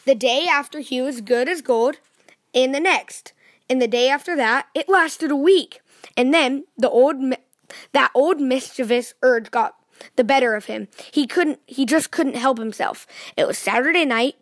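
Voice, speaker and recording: Woman reading a kids storybook out loud, high voice, lively, asks the kids questions, dry close sound. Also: moderate pace, dry recording. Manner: lively, addresses child listeners with questions. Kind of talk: reading a children's storybook aloud.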